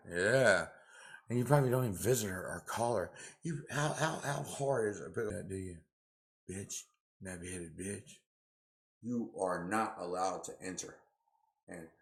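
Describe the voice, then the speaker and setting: This low-voiced man rants at the camera in fury, profane and combative, saying the same things over and shouting at intervals.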